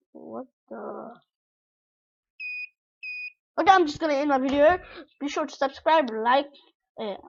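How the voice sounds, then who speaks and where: Young woman, high voice, casual rambling tutorial talk, self-correcting, dull lo-fi laptop sound. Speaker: tutorial vlogger.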